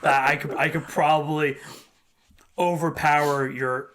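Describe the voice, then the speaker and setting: Animated young man telling loose stories. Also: a little high, a little slow, slight background noise. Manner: animated storytelling with sudden shouted impressions. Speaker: podcast co-host. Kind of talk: casual chat.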